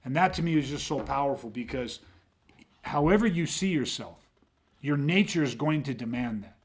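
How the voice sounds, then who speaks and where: Man, podcast host, intense, profane, stumbling restarts, mid-pitched voice. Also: lively intonation, moderate pace. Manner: intense, profane, repeats words when starting sentences. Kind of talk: casual podcast conversation.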